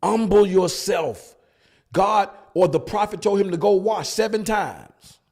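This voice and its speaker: A man's voice: high voice, moderate pace, darkish tone. A male pastor preaching at a Bible study, hammering points with repeated rhetorical questions. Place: church.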